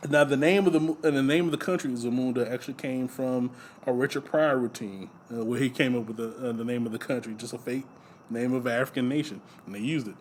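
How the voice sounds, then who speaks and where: A man casually telling stories in conversation, relaxed and laughing often, with lots of fillers. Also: medium pitch, quick pace, a little hiss or hum. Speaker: podcast host. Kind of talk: casual chat.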